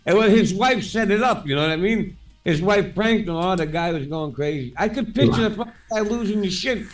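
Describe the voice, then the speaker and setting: A man hosting a live stream in casual chat, retelling stories in an animated way and cursing freely. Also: high-pitched, brisk. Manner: animated storyteller, swears freely.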